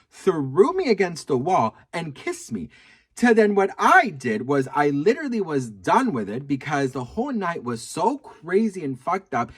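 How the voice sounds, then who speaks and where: A man telling a gossipy story to camera, sassy and animated, swearing freely and calling his viewers "girl.". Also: on the high side. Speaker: video creator.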